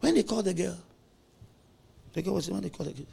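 A man's voice: sits high, expressive, fast talker, creaky, dark tone. A male pastor preaching a playful, anecdotal sermon, laughing often as he tells stories. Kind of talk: storytelling sermon.

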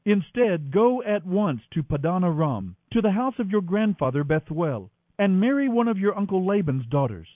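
A man's voice: high-pitched, sing-song, normal speed, hardly any pauses, no echo, phone-quality sound, voice pushed up. A man voicing an aged, trembling father who speaks solemn blessings, read as dramatic scripture over a radio broadcast. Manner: solemn, grave.

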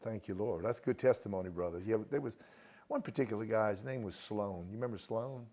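A pastor leading a church gathering prays fervently, then recounts the day's outreach, peppering his words with praise and halting restarts. His voice is fairly low and mellow, fitting a mix of prayer and church testimony.

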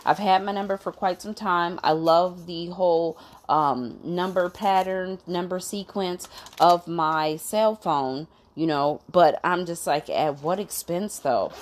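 Woman, lower-pitched, blunt profane venting, indignant. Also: fairly even intonation, unhurried, hardly any pauses, a little hiss or hum. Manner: blunt, swears a lot, keeps saying 'you know what I'm saying'; fired up and indignant.

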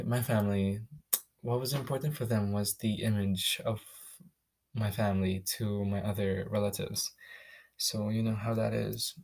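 A young man from the Philippines hosting a podcast, telling his own story in a casual, candid, profane way with quick restarts. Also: lowish voice, creaky, a little mellow. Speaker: podcast host.

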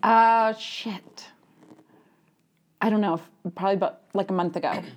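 A woman's voice: on the low side, steady tone, very fast, darkish tone. Candid, laughing woman guest. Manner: candid, laughs often, swears casually. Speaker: podcast guest, ghost hunter. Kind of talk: casual chat.

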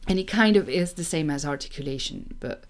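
A young native French speaker from France, a woman teaching French, gives an emphatic, animated online pronunciation lesson in her French accent. Her voice sits low and she speaks fairly quickly.

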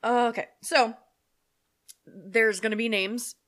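A woman's voice: fairly high pitch, steady tone, slow pace, a bit bright. A woman co-hosting a casual true crime podcast, giggly and tipsy, stumbling over her words. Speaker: podcast co-host.

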